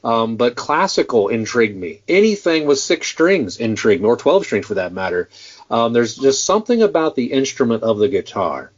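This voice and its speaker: A man's voice: medium pitch, sing-song, normal speed, slightly rough. A man in his forties hosts a casual interview, chatty and often stammering as he gets his thoughts out. His voice sits in a middle range, and the recording is slightly dull and lo-fi. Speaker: host. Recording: dull lo-fi sound.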